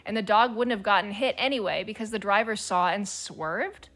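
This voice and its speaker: A woman streamer with a medium-pitched, slightly bright voice talks casually at a moderate pace while reading forum posts aloud. She's blunt, swears freely, and laughs as she goes.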